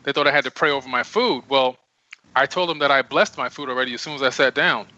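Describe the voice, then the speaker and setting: Earnest man with a bright voice. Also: medium pitch, fast talker, dry recording. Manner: earnest, emphatic, preaching self-empowerment. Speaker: radio show guest. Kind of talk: casual radio interview. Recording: dull lo-fi radio audio.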